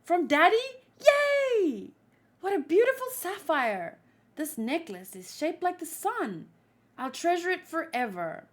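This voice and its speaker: A woman's voice: very high voice, big pitch swings, slow, voice pushed up, heavily acted. A woman voicing a happy little girl who gushes with childlike delight over a gift, in a manga read-along. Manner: bright, gushing childlike delight.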